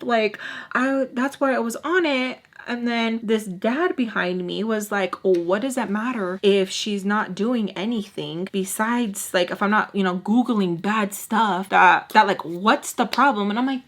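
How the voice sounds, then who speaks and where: A young woman telling a casual storytime vlog, animated and profane, acting out quotes in other voices. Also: a little high, brisk. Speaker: storytime vlogger.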